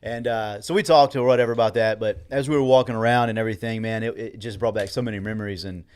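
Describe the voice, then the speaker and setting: A man's voice: fairly low pitch, fairly even intonation, quick pace, darkish tone, clean tone. A middle-aged man, rambling through a story and quoting others as he co-hosts a casual chat show. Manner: rambling, quotes others in dialogue. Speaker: co-host.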